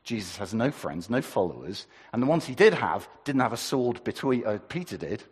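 A man preaching a sermon with a husky voice, conversational and asking the congregation questions. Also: medium pitch, big pitch swings, moderate pace, long reverb tail.

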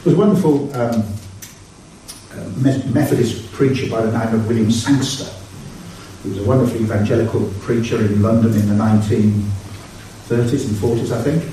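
A man's voice: mid-range voice, steady tone, normal speed, mellow, slight background noise. A man preaching a sermon, earnest and building to urgent exhortation. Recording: echoey hall, mic far off.

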